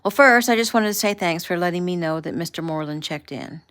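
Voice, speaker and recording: A fond, protective middle-aged father who teases his daughter gently, as a woman reader voices him. Her slightly low voice barely changes for him. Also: fast talker, lightly acted. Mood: fatherly. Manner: warm, teasing, fatherly.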